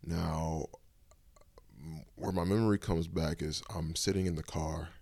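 A man's voice: rumbling low, steady tone, measured pace, vocal fry, a little mellow, slightly rough, dry recording. A man hosting his own podcast, casually retelling a personal story in a loose, rambling way with lots of fillers. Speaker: podcast host.

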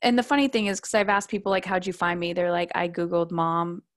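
A woman in her thirties talks as a parenting coach on a podcast interview. She tells stories in a lively way and acts out what people said to her. Her voice sits at an ordinary middle pitch. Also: fast. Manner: lively storytelling, acting out quoted voices.

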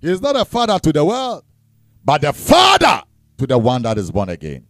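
A man preaching a sermon, leading the congregation in call-and-response with shouted, sing-song emphasis and frequent repetition. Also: a little high, wildly swooping pitch, normal speed, gravelly, no room sound, clean studio sound. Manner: repeats words and restarts.

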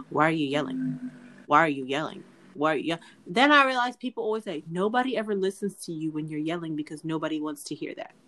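A young adult woman co-hosts a podcast, her medium-pitched voice a bit bright. In casual chat she speaks earnestly, pleading and repeating her pleas.

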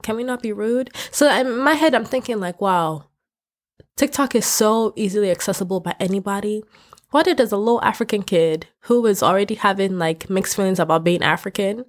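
A woman's voice: medium pitch, a little fast. A young adult woman vlogging, talking casually and rambling, often correcting herself and laughing, rising into emphatic outbursts. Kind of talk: casual talking-to-camera rant.

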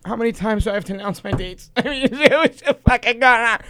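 High-voiced joking male radio host. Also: a bit bright, slight background noise. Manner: teasing, quick, swears freely. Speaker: comedy radio show host. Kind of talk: casual banter, taking calls.

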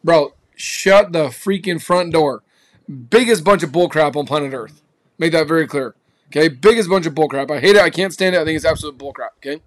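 A man's voice: a little high, fast. Emphatic, slangy motivational man. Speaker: podcast host. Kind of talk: motivational talk.

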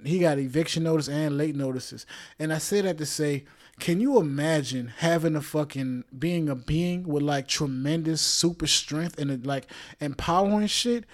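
A man's voice: on the high side, darkish tone. Joking man hosting a podcast monologue. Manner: loose, joking, heavy profanity and slang; frequent laughs and check-in asides. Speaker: podcast host. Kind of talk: casual monologue.

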